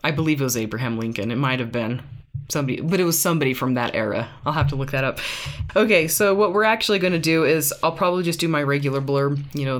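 A woman hosting a podcast in casual chat, playful and quick to laugh as she tries out intro lines. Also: low-pitched, a bit bright. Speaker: podcast host.

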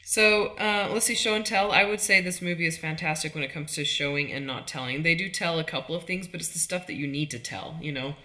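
A woman's voice: low-pitched, fast, few pauses, pushed and bright. A woman co-hosting a podcast, chatting casually about a movie and laughing often. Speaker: podcast co-host. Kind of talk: casual chat.

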